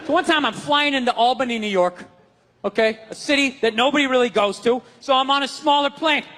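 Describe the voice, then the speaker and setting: A man doing a stand-up routine on a comedy stage, ranting and shouting with profanity. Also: very high voice, brisk. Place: comedy stage before audience. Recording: live club mic with loud crowd noise.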